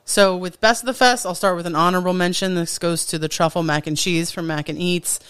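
Chatty woman cohost rambling with lots of likes and ums, smooth clear voice. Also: lowish voice, steady tone, brisk, fairly bright tone. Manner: chatty, lots of fillers and restarts. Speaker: podcast co-host. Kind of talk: casual chat.

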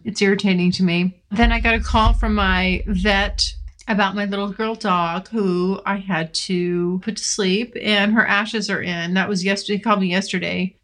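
Filmed while recording her podcast in California, the host rants on her own in a frank, profane way, breaking into laughs. Her voice sits in the mid range with a bit of brightness.

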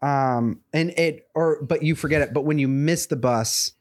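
A man's voice: fairly high pitch, normal speed. Rambling man chatting on a podcast. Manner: rambling, full of fillers and restarts. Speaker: podcast co-host. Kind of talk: casual chat.

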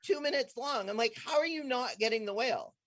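An enthusiastic, rambling storyteller with a voice of middle pitch. They chat casually, circle back through false starts and suddenly leap upward when reliving a thrilling moment. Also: fairly quick. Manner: excitable, bursts into high squeals when quoting herself; rambling, many restarts and trailing phrases. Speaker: guest telling a personal story.

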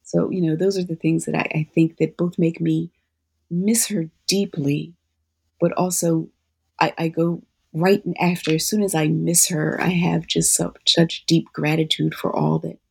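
An author and guest answering interview questions in a thoughtful, halting way with many fillers. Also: mid-range voice, flat delivery, vocal fry, breathy edge.

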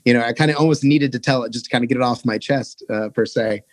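A man on a podcast telling a tour story, animated and profane, jumping into higher voices for quotes. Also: fast, no echo. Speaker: podcast guest, touring musician. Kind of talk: casual storytelling.

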